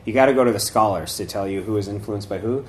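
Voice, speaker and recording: A man's voice: lowish voice, fast talker, slight background noise. A man giving a casual spiritual talk who rambles with lots of fillers and restarts, and acts out voices in his stories. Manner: acts out voices while telling a story. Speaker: dharma talk speaker.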